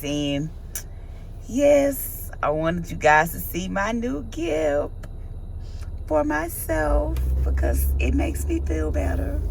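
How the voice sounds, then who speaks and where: Woman vlogger, lowish voice, casual and emphatic. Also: background noise. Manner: vents emphatically, repeating herself. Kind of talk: casual vlog talk to camera. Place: parked in her truck.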